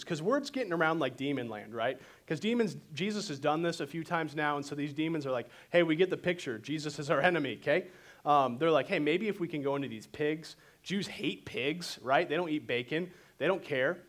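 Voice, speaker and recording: A man preaching a sermon and telling the story in an animated way. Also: fairly high pitch. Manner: animated storytelling, voices quotes dramatically. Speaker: pastor.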